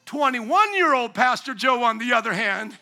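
A man in his forties preaching a sermon as pastor, animated and bursting into loud emphasis. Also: very high-pitched, moderate pace. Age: 40s.

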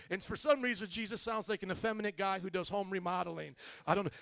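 A man preaching a humorous sermon in a church, joking and animated, calling out to the congregation. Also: sits high, quick pace, gravelly, hardly any pauses, no room sound. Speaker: pastor.

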